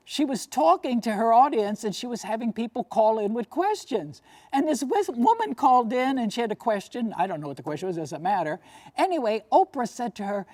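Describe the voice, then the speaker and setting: A woman's voice: mid-range voice, a little mellow. A woman lecturer and tour guide telling history as a story, posing questions to her audience and often adding "you see".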